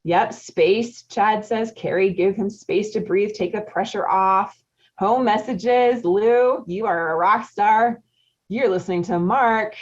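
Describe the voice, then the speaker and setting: A woman's voice: mid-range voice, slow. A woman in her forties, a marriage coach hosting a live webinar, chatty, laughing often and quizzing her audience. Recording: dull lo-fi audio.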